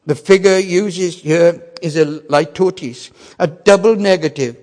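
Male preacher, slightly high voice, emphatic sermon delivery with loud peaks and quiet drops, long reverberant hall. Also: slow pace. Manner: emphatic, swings between loud declarations and quiet asides.

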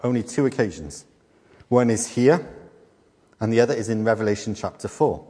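A middle-aged man preaches in a fairly low voice, and a long reverb trails his words around a church hall. He teaches patiently and leans on rhetorical questions and repetition. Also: lively intonation, normal speed, dark tone. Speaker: pastor. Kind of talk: sermon.

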